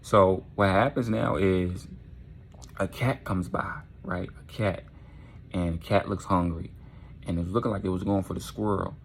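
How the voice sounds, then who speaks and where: A man telling a dark story in a casual, animated storytime manner, profane and often asking "right?". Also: sits low, moderate pace, a little hiss or hum.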